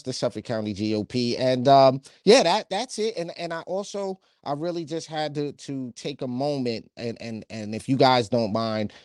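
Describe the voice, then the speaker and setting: A man co-hosting a casual political podcast, talking with energy in quick bursts and frequent restarts. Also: mid-range voice, a little mellow, no echo, clean studio sound. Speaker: podcast co-host.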